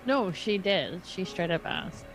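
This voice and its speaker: A woman's voice: on the low side, very animated, unhurried, music in the background, poor audio. A woman playing a tabletop game, laughing often as she describes what her character does. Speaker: player. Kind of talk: tabletop game play, casual chat.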